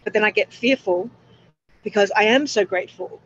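A woman's voice: mid-range voice, normal speed, a bit bright, a little hiss or hum. Woman, anxious, rambling, self-interrupting, lo-fi dull recording. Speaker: co-host. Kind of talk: casual spiritual chat. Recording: dull lo-fi sound.

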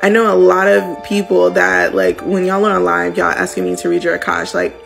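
Woman, low pitch, very gravelly fry, casual filler-heavy talk, clear music under her. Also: flat delivery, a little fast. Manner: loose, filler-heavy explanation.

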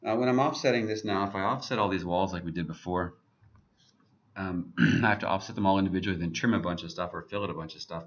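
A man teaching a software tutorial over his screen, talking casually and thinking aloud as he clicks through each step. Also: low voice, quick pace, lo-fi sound.

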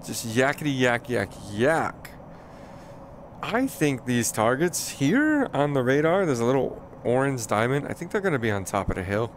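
A man's voice: medium pitch, big pitch swings, normal speed, few pauses, slight background noise. A man streaming a flight game, chatting casually and poking fun at his own flying while talking to viewers. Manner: chatty, self-deprecating, talks to viewers. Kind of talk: casual live gameplay commentary.

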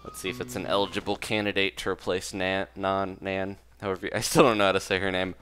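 A man's voice: deep voice, fairly quick, sharp tone, clean tone, soft background music. A young man giving casual, rambling commentary while playing a game, laughing often and second-guessing himself. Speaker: let's play host.

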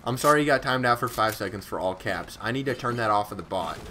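A young man from Scotland, giving excitable, slangy live commentary on his own gameplay and chatting with viewers, breaking into sudden outbursts. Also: lowish voice, quick pace, a little hiss or hum. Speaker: game streamer.

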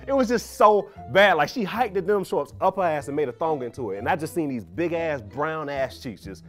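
A man telling a story about his time as a fast-food worker, in animated, slangy, energetic speech. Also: a little high, soft background music. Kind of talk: storytelling to camera.

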